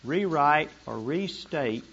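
A man teaching a group how to study scripture, animated and repeating words for emphasis. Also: a little high, takes it slowly, slight background noise. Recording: dull lo-fi room recording.

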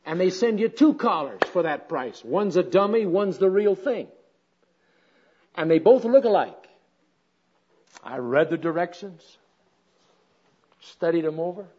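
A man telling a homespun story as part of a sermon, chatty and plain, breaking into loud animated exclamations. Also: sits high, measured pace, pauses often, slightly rough. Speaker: speaker at a women's gathering. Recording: dull lo-fi recording.

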